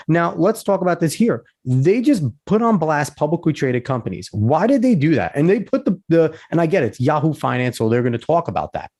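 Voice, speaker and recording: Sarcastic man ranting, slightly high voice. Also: sing-song, fairly quick, few pauses, darkish tone. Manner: blunt, profane, sarcastic ranting. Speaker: podcast host. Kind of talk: commentary reading and reacting to a news article.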